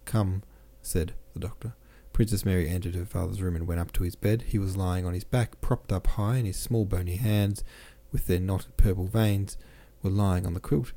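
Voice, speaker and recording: A man narrating a classic novel as a podcast host, reading in a measured way with small self-corrections. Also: sits low, fairly even intonation, dark tone. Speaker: podcast host and audiobook reader.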